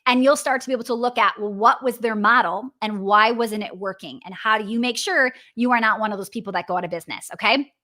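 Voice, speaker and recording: A woman's voice: on the high side, fast, few pauses, bright, forceful tone. A woman with a Wisconsin accent, hosting a live business coaching session and answering viewers in a chatty, upbeat way, often checking in with "right?" and "okay?".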